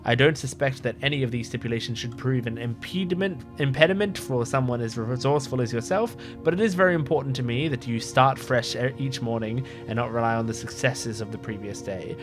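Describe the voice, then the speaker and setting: Sleepy, chatty male game streamer. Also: mid-range voice. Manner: relaxed, chatty, laughs often. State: sleepy, yawning. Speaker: gaming video host. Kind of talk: casual let's-play commentary.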